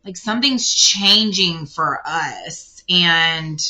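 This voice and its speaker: Slow-talking bright-voiced woman card reader. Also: lowish voice. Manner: rambling, self-correcting, warm addressing of listener. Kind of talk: casual spiritual card reading.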